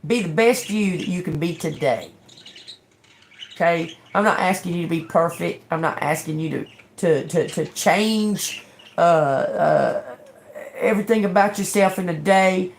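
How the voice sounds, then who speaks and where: Slow, low-voiced woman tarot reader. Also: slight background noise. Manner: casual, encouraging, tags lines with "okay?"; repeats and restarts words often. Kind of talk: live-stream tarot reading.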